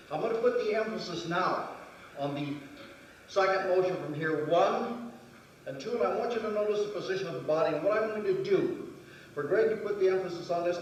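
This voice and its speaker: Guy teaching a martial arts demo, fairly high voice, way echoey, kinda far from the mic. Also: slight background noise. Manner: measured, step-by-step explaining, counting out moves. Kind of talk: demonstration lesson.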